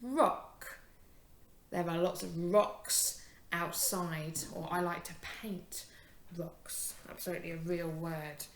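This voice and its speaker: A young woman teacher giving a phonics lesson to young children, encouraging and sounding out words slowly. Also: on the low side, little pitch movement, echoey room.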